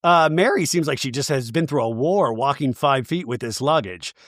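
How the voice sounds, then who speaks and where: A man hosting a podcast, recapping a reality show in a jokey, animated way and slipping into quick mock voices. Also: mid-range voice, no room sound, studio quality. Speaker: podcast host.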